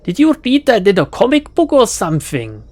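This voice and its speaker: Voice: mid-range voice, very animated, normal speed, slightly rough. A streamer putting on a bitter young hacker woman with a German accent. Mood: exasperated. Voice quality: shaky put-on German accent. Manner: curt and sharp. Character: bitter female hacker in her twenties, weary. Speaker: game character read aloud. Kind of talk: reading game dialogue aloud.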